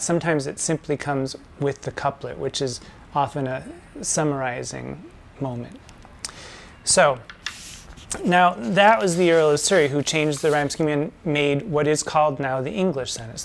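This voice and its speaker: A man hosting a lesson and explaining things in a measured, didactic way, slowing down to spell out patterns. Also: medium pitch, slight background noise. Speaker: drag performer hosting a poetry lesson.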